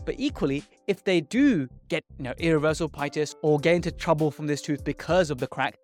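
A man who is a dentist hosting a podcast, explaining things in an earnest, reflective way, with faint music behind. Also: a little high. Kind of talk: podcast intro and monologue.

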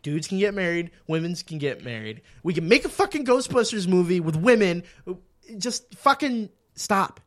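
A man's voice: high-pitched, sing-song, moderate pace. A man co-hosting a podcast, ranting in casual chat with heavy profanity. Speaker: podcast co-host.

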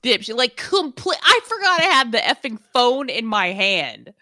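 Woman, 30s, podcast co-host, animated casual storyteller, sharp bright tone, dry close sound. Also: a little high, moderate pace, no room sound. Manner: animated storyteller, swears freely, acts out quotes. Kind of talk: casual chat.

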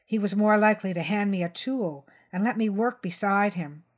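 A woman reading a crime short story aloud in a measured narration. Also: mid-range voice. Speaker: reader.

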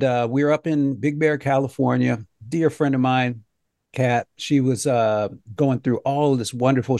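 A man hosting a health talk show, telling a funny story in a joking, animated way. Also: mid-range voice, no echo, clean studio sound. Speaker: host.

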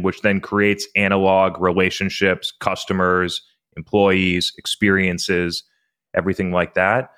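A company founder speaks in a very deep, flat voice, rattling off examples one after another in an easy, fluent flow. The sound is dry and close. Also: male voice, smooth, no room sound. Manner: fluent, listing points in quick succession. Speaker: business founder. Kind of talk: conversational business talk.

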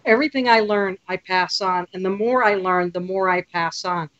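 A woman guest on a podcast, telling lively stories and acting out what people said. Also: mid-range voice, moderate pace, lo-fi sound. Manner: lively storyteller, acts out quotes. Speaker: podcast guest, photography tour leader. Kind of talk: casual podcast chat.

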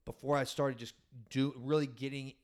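A man's voice: medium pitch, fairly even intonation, moderate pace. A man in his forties hosting a casual interview podcast, talking in a rambling, enthusiastic way and often restarting his thoughts. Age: 40s. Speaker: podcast host.

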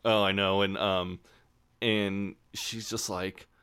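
A man's voice: low-pitched, level tone, slow, fairly bright tone, clear, resonant tone, dry recording, clean studio sound. A man co-hosting a podcast, chatting casually, swearing freely and acting out characters' lines. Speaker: podcast co-host. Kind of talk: casual chat recapping a show.

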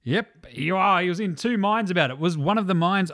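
An Australian man hosts a basketball podcast in a loose, sweary, mocking way. His voice sits a little high. The sound is dry and close, with no room around it. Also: animated, brisk, a bit bright, dry recording. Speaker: podcast host. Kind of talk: casual sports chat.

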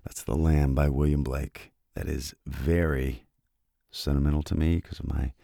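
Very deep-voiced man, soft and halting. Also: flat delivery, creaky, dry recording, clean studio sound. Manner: soft-spoken, halting, emotional. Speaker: podcast host. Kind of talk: casual reading and reflection.

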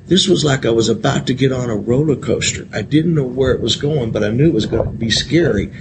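A man's voice: mid-range voice, fairly quick, few pauses, background noise. A man telling his recovery story to a convention audience, candid and profane, talking straight to the crowd and repeating phrases for emphasis. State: emotional at times. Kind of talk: personal recovery share to an audience.

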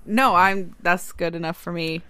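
A woman co-hosting a podcast in casual chat, chatty and quick to laugh. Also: fairly low pitch, fairly even intonation, bright, forceful tone, clear, resonant tone, no room sound. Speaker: podcast co-host.

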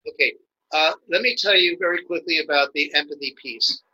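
Guy with a real bright voice, kinda high, explaining stuff on a podcast, lots of stumbles and little acted-out examples. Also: low-quality recording. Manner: halting, many restarts, acts out quoted examples. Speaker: guest, nonviolent communication educator. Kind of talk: conversational interview.

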